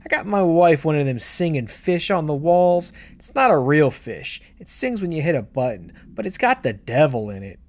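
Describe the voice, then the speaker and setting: A man's voice: a little high, big pitch swings, normal speed, hardly any pauses, no echo. A man voicing a plain-spoken, earnest middle-aged man who writes in to complain, reading his ungrammatical letter aloud in a put-on voice. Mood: earnest complaint.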